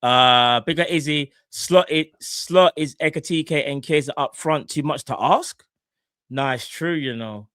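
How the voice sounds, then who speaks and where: A man's voice: fairly high pitch, a little slow, smooth, no echo, clean studio sound. Slangy young man hosting a fan stream. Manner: slangy, animated, shouting out chat members. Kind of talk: casual live stream chat.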